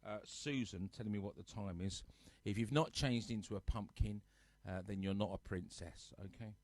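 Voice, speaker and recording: A man's voice: fairly low pitch, normal speed, a little mellow, no echo. A man casually chatting to live viewers on his home sofa show, teasing them and reading out their comments. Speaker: host of a live-streamed music show.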